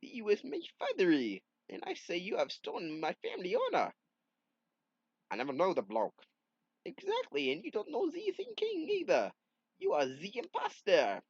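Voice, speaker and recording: A man's voice: sits high, huge pitch swings, moderate pace, slightly rough, dry recording, voice pushed up, full character voice. A man voicing a proud, haughty young male soldier, indignant and declaiming. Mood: accusing. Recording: dull dry home recording.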